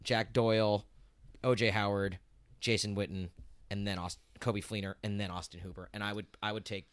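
A man's voice: on the low side, little pitch movement, moderate pace, fairly bright tone, no echo. A man co-hosting a casual fantasy football podcast, running through player rankings and target numbers. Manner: rattles off player rankings and stats. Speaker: podcast co-host.

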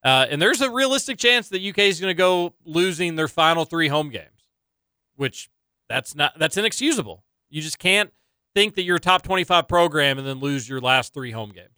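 A man's voice: a little high, normal speed, clear, resonant tone, no room sound, clean studio sound. A young man hosting a casual sports talk show, ranting with strong opinions. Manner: opinionated, animated rants. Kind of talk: casual sports radio chat.

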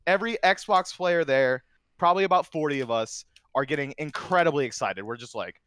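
A man guesting on a podcast, telling a competitive gaming story in a casual, animated way that gets loud and excited. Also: fairly high pitch, normal speed, clear, resonant tone, no echo, clean studio sound. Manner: excitable, animated storyteller who drifts into shouting. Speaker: guest, former console champion.

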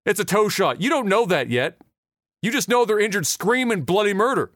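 A man hosting a casual gaming podcast, telling a profane, animated story. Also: sits high, a little fast, dry recording, clean studio sound. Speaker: podcast host.

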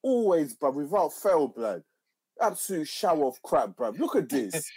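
A man's voice: a little high, sing-song, normal speed, a little mellow, breathy edge. A man, exasperated and ranting in casual football banter, ending lines with "bruv". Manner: exasperated, repeats "bruv" constantly. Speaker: co-host reacting to a match.

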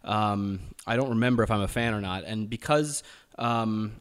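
A man's voice: lowish voice, moderate pace, clear, resonant tone. A young man from Australia chatting casually on a podcast, rambling with lots of fillers. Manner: rambling storyteller with many fillers. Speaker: co-host.

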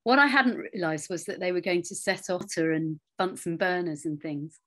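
A middle-aged woman, an actress, telling anecdotes in a relaxed interview, with quiet asides and lively storytelling. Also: lowish voice, normal speed.

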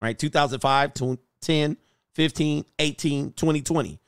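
A man's voice: a little high, unhurried, a bit bright, clean tone, dry recording, studio quality. A man reacting to video clips in casual, crude, exasperated commentary.

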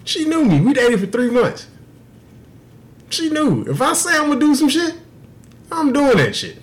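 A young man on a podcast, telling a story in an animated, profane way and laughing through the punchlines. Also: extremely high pitch, moderate pace. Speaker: podcast co-host. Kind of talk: casual storytelling.

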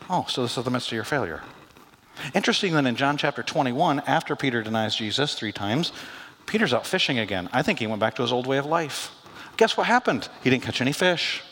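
A man preaching a sermon as pastor, conversational and animated, acting out quoted lines with asides. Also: on the high side. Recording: long hall reverb.

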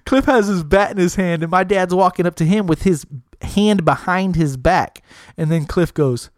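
A man's voice: sits high, moderate pace, no room sound, studio quality. A man telling a long story in casual talk, swearing a lot and jumping into other people's voices as he quotes them. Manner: profane, animated, jumps into other people's voices.

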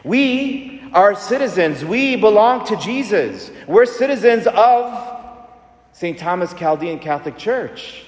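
Male pastor, high voice, emphatic call-and-response sermon, reverberant church hall. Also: lively intonation, takes it slowly. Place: large church.

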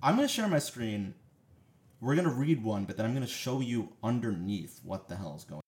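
A man's voice: medium pitch, big pitch swings, fairly quick, darkish tone. A man hosting a podcast, chatting casually and telling a story with energy. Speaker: podcast host. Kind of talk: casual chat.

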